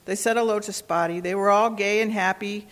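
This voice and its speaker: A woman reading a children's storybook aloud in a gentle, expressive way. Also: medium pitch, brisk.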